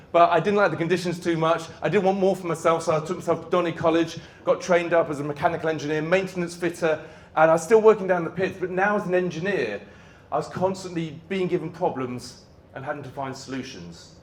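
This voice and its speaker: A man's voice: on the high side, a little fast, hardly any pauses, slight background noise. A middle-aged man, giving a live conference talk and leading the audience in playful chants. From Yorkshire, England. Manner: energetic, playful crowd-warming with shouted chants. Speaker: motivational speaker.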